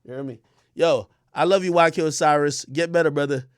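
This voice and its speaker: Young guy going off on stream, high voice, super loud and cocky, cursing nonstop, dry close mic. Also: brisk, clean tone, no room sound. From Jamaica. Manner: loud, profane, boastful, swings between shouting and muttering. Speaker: livestream host. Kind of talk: heated ranting livestream.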